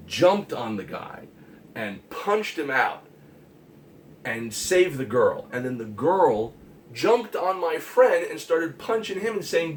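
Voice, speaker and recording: A man giving an earnest, rambling monologue, emphatic and full of fillers and restarts. He talks to the camera as a vlogger. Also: mid-range voice. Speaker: comic artist and vlogger. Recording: distant mic with faint hiss.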